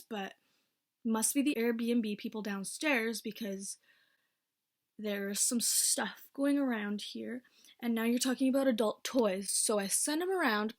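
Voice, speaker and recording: A woman in her twenties telling a casual storytime, blunt and swearing freely, with quick bursts between slower stretches. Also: a little high. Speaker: vlogger.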